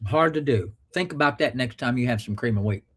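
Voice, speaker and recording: A man's voice: mid-range voice, animated, brisk, fairly bright tone, breathy edge. A man hosting a call-in show, talking in a folksy, rambling way with crude jokes. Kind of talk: casual call-in talk.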